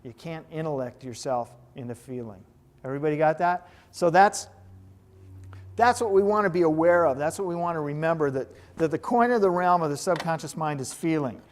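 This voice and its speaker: A man with a somewhat high voice lectures a live class as a hypnotherapy instructor. He talks in a lively way, slips in joking asides and keeps asking his listeners questions. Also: fairly quick.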